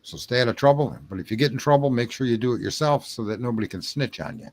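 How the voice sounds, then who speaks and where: A man's voice: medium pitch, lively intonation, quick pace, slight background noise. A man hosting a late-night livestream, chatting casually and profanely with his viewers. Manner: rambling, profane, jokey banter with chat. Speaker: livestream host reading chat.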